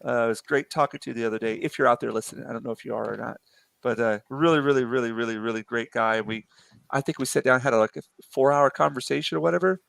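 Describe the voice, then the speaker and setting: Man, middle pitch, gravelly, dry close sound, rambling casual chat. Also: quick pace, fairly bright tone, dry recording. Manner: rambling, full of fillers and restarts.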